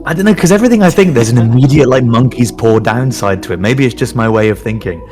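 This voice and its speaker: A man, a voice actor, chatting in an interview, animated and self-mocking, laughing often as he tells stories. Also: mid-range voice, quick pace, faint music behind. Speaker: voice actor guest. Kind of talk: casual interview chat.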